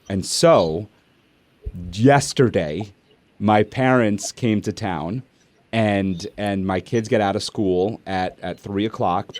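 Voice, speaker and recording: A man's voice: fairly low pitch, dry recording. A middle-aged man hosting an interview, telling a family story casually and acting out the dialogue. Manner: animated, acts out family dialogue. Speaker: podcast host and speaker.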